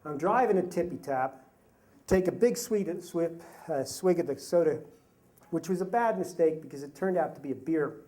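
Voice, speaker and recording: A man in his fifties telling a comic personal story live on stage, with self-mocking humor and halting restarts. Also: fairly high pitch, dark tone, a little hiss or hum. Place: stage before a live audience.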